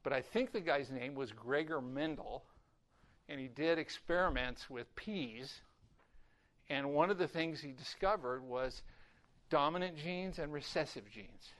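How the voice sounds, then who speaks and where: Older guy preaching, kinda high voice, acts out the story bits. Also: unhurried, fairly bright tone. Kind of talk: sermon teaching.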